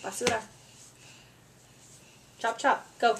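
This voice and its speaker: A woman's voice: a little high, steady tone, takes it slowly, background noise. A mother talking in playful, coaxing baby talk with her toddler, often laughing. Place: family home.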